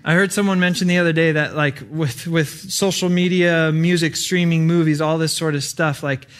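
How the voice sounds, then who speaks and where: A man's voice: a little high, fairly even intonation, normal speed. A young adult man preaching an earnest, conversational sermon with frequent fillers.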